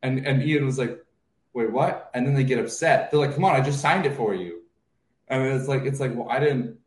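A man's voice: medium pitch, brisk. A man co-hosting a casual comedy chat, telling stories and acting out other people's lines. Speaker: co-host, stand-up comic. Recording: roomy echo.

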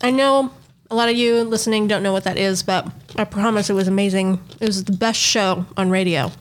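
A woman co-hosting a podcast, telling stories in a casual, animated way and laughing often. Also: medium pitch, fairly quick. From Southern California. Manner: animated storytelling with frequent laughs. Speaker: podcast co-host. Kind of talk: casual chat.

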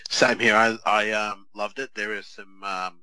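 A man, co-hosting a podcast and telling stories in a chatty, animated way full of restarts. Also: on the low side, measured pace, no echo, low-quality recording. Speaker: podcast co-host. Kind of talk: casual chat.

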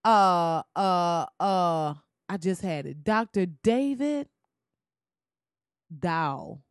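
A young adult woman delivering a loud, profane comedic rant, laughing and swearing as she tells the story. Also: lowish voice, animated, very slow, clean tone, no room sound, clean studio sound. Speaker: commentator.

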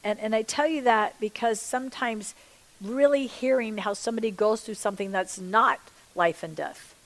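A middle-aged woman giving a sermon-style personal testimony, acting out the dialogue with lively energy, and dropping to a soft, hushed voice when she quotes her prayers. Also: on the high side, normal speed, rough recording. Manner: animated storytelling that acts out the dialogue; chatty, checks in with the listeners. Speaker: Christian speaker.

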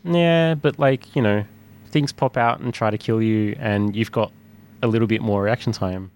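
A man's voice: on the low side, moderate pace, darkish tone, smooth. A man talking casually about retro arcade hardware in a podcast conversation, rambling with restarts and frequent laughs. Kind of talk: casual chat.

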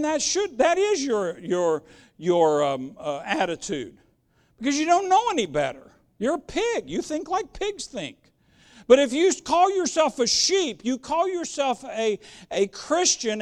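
Delivering a sermon in a very high voice, this man is blunt and emphatic in a plain way, frequently repeating himself as he hunts for his next word.

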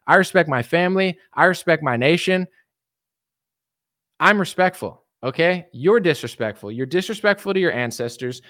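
A man with a slightly high, somewhat bright voice streams commentary, recorded in echo-free studio quality. He rants scornfully at his audience, putting on voices to ridicule and mock his viewers.

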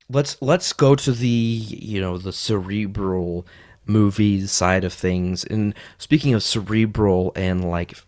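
A man's voice: lowish voice, takes it slowly, a little mellow, no room sound, clean studio sound. Rambling young man co-hosting a podcast. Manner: rambling, self-deprecating, hesitant. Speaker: podcast co-host. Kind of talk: casual chat.

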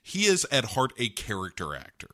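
A man co-hosting a casual film chat, lively and opinionated, steering the conversation. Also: medium pitch, moderate pace, dry recording, studio quality.

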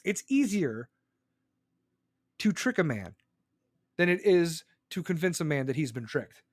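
A man with a high voice rants about politics, swearing freely and mocking his targets with sarcasm. The sound is dry and close, with no room echo. He talks like a live-stream commentator who is fed up. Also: sing-song, unhurried. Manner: angry, profane, sarcastic ranting. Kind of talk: profane live-stream rant.

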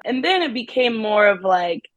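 A young adult actress talking casually in an interview, upbeat, laughing often and using lots of "like" fillers. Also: female voice, on the high side, big pitch swings, moderate pace, no echo, highs cut off. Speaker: guest actress.

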